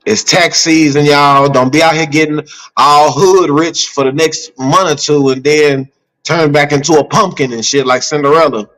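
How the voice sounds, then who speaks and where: High-pitched guy, chatty and pushy, keeps going "you see what I'm saying". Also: steady tone, moderate pace, a bit bright, rough recording. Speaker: podcast co-host. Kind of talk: casual chat.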